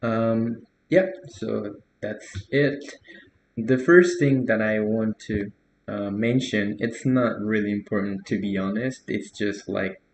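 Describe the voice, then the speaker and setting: Slow, hesitant young man tutoring. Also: fairly low pitch, roomy sound, background noise. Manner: relaxed, hesitant, many fillers, soft laughs. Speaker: language tutor. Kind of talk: casual correction of a learner's post.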